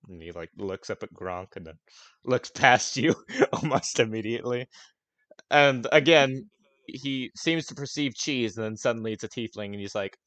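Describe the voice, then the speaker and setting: A man's voice: fairly low pitch, normal speed, a bit bright, dry recording. A man narrating casually as game master of a tabletop game, often swearing.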